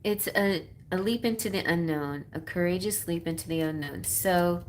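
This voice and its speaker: A tarot reader with a lowish voice speaks at a normal speed on a chatty live stream, giggling and reading out the messages on her cards. Slight hiss or hum runs underneath.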